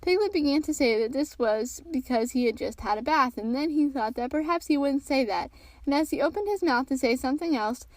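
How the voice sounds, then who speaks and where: A woman reading a children's storybook aloud in a gentle, expressive way for a podcast. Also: sits high, a little fast, dry recording, rough recording. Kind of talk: storybook read-aloud narration.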